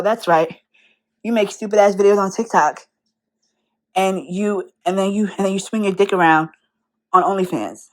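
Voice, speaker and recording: Furious woman ranting, swearing. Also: on the low side. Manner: profane, confrontational, rhetorical questions. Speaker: commentary vlogger. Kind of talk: angry rant to camera.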